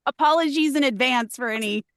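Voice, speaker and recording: A woman's voice: sits high, fairly quick, clear, resonant tone, dry recording, studio quality. A woman with a Texan accent, a voice actor talking earnestly and hesitantly in a casual podcast interview. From Texas. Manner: earnest, lively, hesitant with frequent ums. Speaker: voice actor guest.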